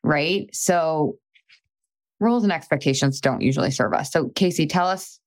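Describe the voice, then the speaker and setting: Lady life coach on a podcast, kinda low voice, frank and chatty, says "like" a lot. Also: moderate pace. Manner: frank, chatty, swears casually, many "like"s. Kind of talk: casual coaching conversation.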